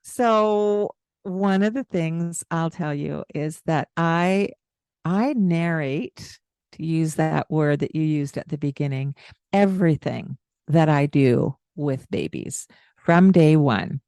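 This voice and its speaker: A woman co-hosting a parenting podcast, explaining things calmly in casual chat. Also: slow, clean tone, no echo, clean studio sound. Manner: explains calmly, demonstrates baby talk with high sing-song bits.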